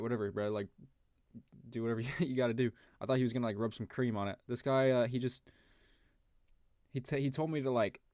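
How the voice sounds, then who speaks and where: A young man tells a personal story in a loose, rambling way, full of fillers and restarts. His voice sits at an ordinary pitch. The sound is dry and close, with no room echo. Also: a little mellow. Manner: rambling, filler-heavy, says "bro" and "like". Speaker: vlogger. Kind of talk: casual storytime.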